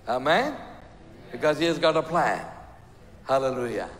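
Man, guest preacher, high bright voice, emphatic sermon, long church reverb. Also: animated, a little fast. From India. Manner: emphatic preaching, asks the crowd "Amen?". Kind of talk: sermon with altar call and prayer. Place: church sanctuary. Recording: echoey reverberant hall.

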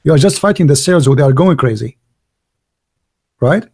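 A man in a casual online debate who talks quickly and animatedly, with lots of fillers, restarts and non-native grammar. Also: a little high, animated, darkish tone, breathy edge, no echo, clean studio sound.

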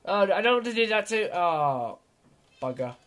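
A man commentating on his own gameplay, rambling and self-mocking, swinging from mumbles to loud outbursts. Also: high voice, very animated, moderate pace. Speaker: gaming vlogger. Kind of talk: let's-play commentary.

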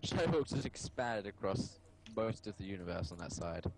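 A man chatting briskly while playing a strategy game with friends. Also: on the low side, lively intonation, creaky, noisy background. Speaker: co-player in a let's play. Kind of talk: casual chat over gameplay.

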